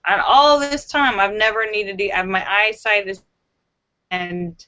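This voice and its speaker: A woman's voice: medium pitch, lively intonation, unhurried, sharp tone, highs cut off. A woman hosting a casual live stream, chatting, reading viewer comments and telling jokes with frequent giggles.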